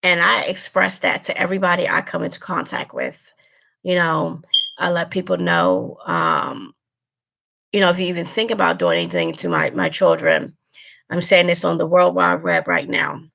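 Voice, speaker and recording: On the low side, this woman's creaky, somewhat bright voice swings widely in pitch at a normal speed. She's a vlogger talking casually to her viewers on camera, sincere and emotional, often repeating what she's said.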